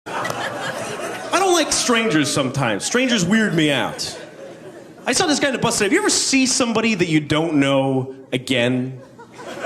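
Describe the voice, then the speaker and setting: A man doing a stand-up set, with a dry, offhand delivery, fillers and hesitations between jokes. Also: extremely high pitch. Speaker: stand-up comedian. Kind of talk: stand-up set with deadpan one-line impressions. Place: comedy club stage. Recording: loud crowd and noisy club sound.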